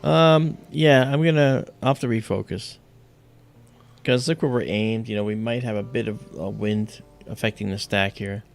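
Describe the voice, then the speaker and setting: Guy with a gravelly, lowish voice, casually walking folks through stuff on a livestream. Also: normal speed, soft background music. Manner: loose, explains step by step with fillers. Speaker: astronomy livestream host. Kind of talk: casual explanatory livestream talk.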